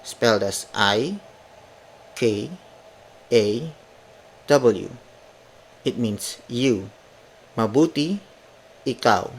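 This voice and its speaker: Slow, patient male language teacher. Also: mid-range voice. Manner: slow, patient, spells words letter by letter and repeats them. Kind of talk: podcast pronunciation lesson.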